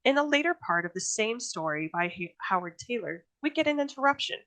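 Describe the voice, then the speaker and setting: A woman's voice: a little high, sing-song, brisk, pushed and bright, poor audio. A woman author giving a recorded workshop presentation on writing, in a chatty, friendly teaching tone that laughs easily.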